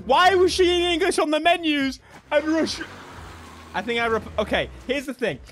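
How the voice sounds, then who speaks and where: An excitable man talking through his racing game playthrough, his voice high and bouncing all over. He jokes and laughs often, reacting loudly to the game. Game music plays underneath. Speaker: gaming YouTuber. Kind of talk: let's play commentary.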